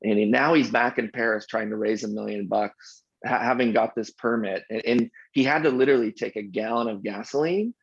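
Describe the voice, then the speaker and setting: A man as a podcast guest, telling an animated anecdote in casual conversation, often restarting his sentences. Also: fairly low pitch, fairly quick, vocal fry, slightly rough, no room sound. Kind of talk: casual interview storytelling. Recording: dull lo-fi dry sound.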